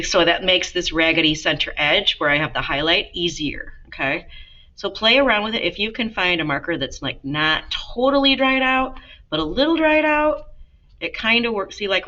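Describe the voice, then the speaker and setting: A woman's voice: fairly low pitch, pushed and bright, dull audio. A woman art teacher giving a casual, encouraging drawing lesson to kids and talking straight to her students. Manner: chatty, encouraging, talks to students directly.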